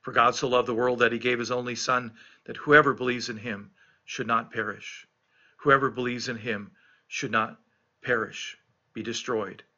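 A middle-aged man preaches a devotional reflection, earnest and emphatic, circling back to repeat his key phrases. His voice is very bright and forward, though the recording sounds dull and lo-fi. He is a pastor still recovering from an illness. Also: medium pitch.

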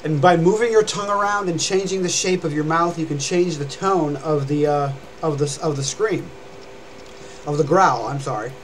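A man's voice: a little high, normal speed, background noise. A young man streaming live and chattily explaining how to scream and growl, rambling and demonstrating as he goes. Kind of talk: casual live-stream vocal lesson.

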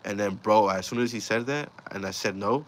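A young man with a fairly low voice, talking loosely and profanely as he recounts a story from his own life. His delivery is casual and slangy, with plenty of restarts. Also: brisk. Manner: slangy, profane, rambling retelling. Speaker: vlogger telling a personal story.

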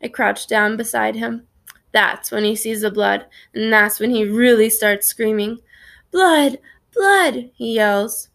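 A woman's voice: medium pitch, flat delivery, unhurried, gravelly, fairly bright tone. A woman narrating a children's story in the first person, reading expressively. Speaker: audiobook narrator.

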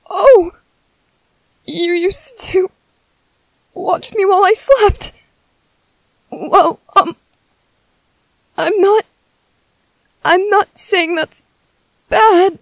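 一位女性扮演的胆小温柔的年轻男子，说话结巴，语速缓慢，耳语角色扮演，声音很干. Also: female voice, very high voice, no echo, full character voice, low-quality recording. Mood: nervous, gentle. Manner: hesitant, stammering, soft-spoken. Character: timid gentle young man, tied up, apologetic. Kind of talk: whispered role-play.

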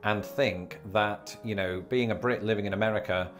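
Wry low-voiced Englishman. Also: steady tone, fairly bright tone, faint music behind. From England. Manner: measured, wry, self-deprecating. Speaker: vlogger. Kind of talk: talking-head vlog monologue.

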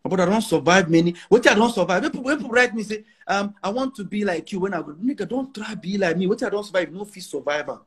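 Nigerian man in his 40s with a Pidgin-laced accent, boastful interview guest, high husky voice with lively swings. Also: quick pace, hardly any pauses. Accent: Nigerian English with Pidgin. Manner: emphatic, repeats himself, mixes in Pidgin.

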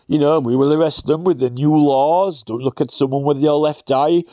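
A man playing a pompous male station announcer who lists absurd rules in a deadpan official tone. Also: a little high, normal speed, no echo, studio quality, voice pushed down, lightly acted. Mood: officious.

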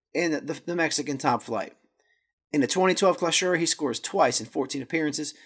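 A man's voice: fairly high pitch, husky. A man hosting a podcast, casually reading through notes with jokey asides and stumbling over Spanish words. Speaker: podcast host.

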